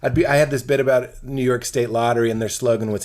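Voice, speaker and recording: Man, comedian guest, casual podcast chat, animated, does silly voices, mid pitch. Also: fast talker.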